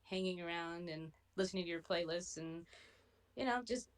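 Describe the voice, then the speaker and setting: A middle-aged woman speaking warmly to her daughter as a podcast guest, gentle and affectionate with many fillers. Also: lowish voice, normal speed, poor audio. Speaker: guest, host's mother. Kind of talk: casual conversation.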